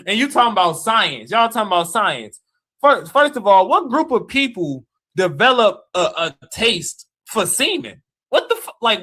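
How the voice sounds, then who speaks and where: A man's voice: very high-pitched, lively intonation, moderate pace, bright, forceful tone. A man in a heated livestream rant, mocking and challenging, repeating his dares. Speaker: live stream guest debater. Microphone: live stream call mic.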